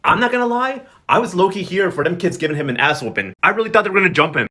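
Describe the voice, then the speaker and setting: A young man giving a sassy, slangy recap of a soap opera, with animated commentary. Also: high voice, very fast. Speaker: recap vlogger. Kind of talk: fast casual show recap with acted quotes.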